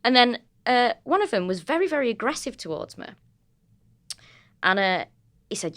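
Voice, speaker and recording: A comedian woman with a Manchester accent, co-hosting a podcast and telling lively, sweary stories in casual chat. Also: fairly high pitch, a little fast, long pauses. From North of England. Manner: sweary, animated storytelling.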